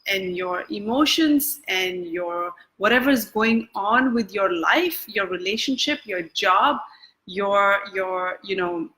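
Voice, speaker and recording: In Bangkok, a woman working as an EFT, or energy-tapping, coach teaches to camera in a casual, conversational way full of fillers and restarts. Her mid-range voice is slow, bright and forceful with lively intonation, on a rough recording.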